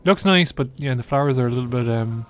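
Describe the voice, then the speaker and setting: A man's voice: mid-range voice, fast, soft background music. A man hosting a let's-play video, giving casual, wry, joking commentary. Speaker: gaming video host.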